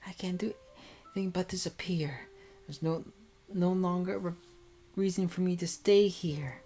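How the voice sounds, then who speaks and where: A woman voicing an anguished, guilt-ridden young woman in a hushed, breathy whispered role-play. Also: lowish voice, fairly even intonation, moderate pace, faint music behind, pitched above the performer's own voice, natural voice. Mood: resigned.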